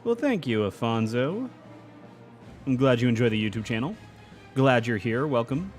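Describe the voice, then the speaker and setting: A man's voice: medium pitch, sing-song, moderate pace, faint music behind. A young adult man streaming a game live, chatting casually, reading chat aloud and laughing often.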